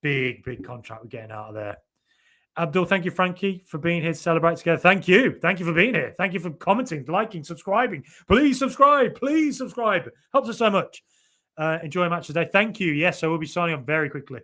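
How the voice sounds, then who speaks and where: A man hosting a football podcast live stream, reading out viewer comments and chatting back. His delivery is loose and rambling, full of fillers and false starts. His voice sits a little higher than most men's. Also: expressive, brisk, bright, forceful tone.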